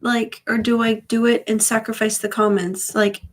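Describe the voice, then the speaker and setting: A woman's voice: on the high side, little pitch movement, normal speed, low-quality recording. A woman in her thirties chatting casually on a live stream, rambling with wry asides. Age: 30s. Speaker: vlogger.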